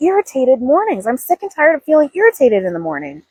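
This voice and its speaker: A woman's voice: sits high, wildly swooping pitch, fast talker, hardly any pauses, a little mellow, husky, no room sound, poor audio. A woman in her thirties hosting a casual self-help stream, speaking candidly, swearing freely and coaching herself aloud. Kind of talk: casual confessional chat.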